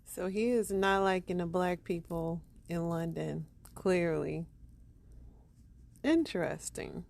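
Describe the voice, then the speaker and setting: A woman's voice: on the low side, a little slow, gravelly, darkish tone. A woman from the United States hosting a podcast, reacting to clips in a chatty, hesitant way with many fillers. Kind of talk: casual reaction commentary.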